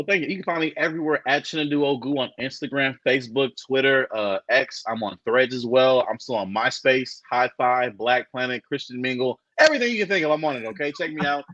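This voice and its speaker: A man's voice: mid-range voice, fairly bright tone, dry recording. Joking man on a dull line. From Texas. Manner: playful, exaggerated, repeats words. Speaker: comedian guest. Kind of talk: casual chat.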